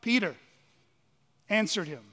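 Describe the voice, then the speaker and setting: Pastor, male, very high voice, dramatic sermon delivery that drops to near-whispers, long church reverb. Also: animated, slow pace. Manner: dramatic preaching, swinging from loud emphasis to hushed lows.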